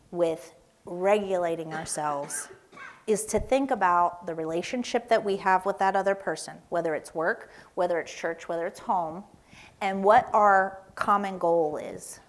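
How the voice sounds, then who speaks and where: A woman's voice: medium pitch, fairly bright tone. A woman from Tennessee giving a seminar talk in a church hall, conversational and storytelling, often checking in with "right?". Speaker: seminar speaker.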